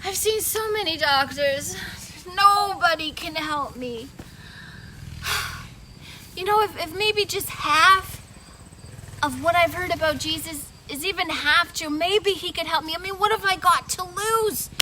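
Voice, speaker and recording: A woman voicing a weak woman who has been sick in bed for years, moaning in a slow, weary, drawn-out way. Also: extremely high pitch, sharp tone, slight background noise, exaggerated voice. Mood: resigned.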